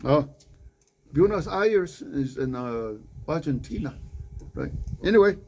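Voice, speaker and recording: A man leading an informal Bible study in a small group, reading scripture aloud and adding unhurried conversational asides. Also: fairly high pitch, sing-song, creaky, a little mellow, a little hiss or hum, low-quality recording.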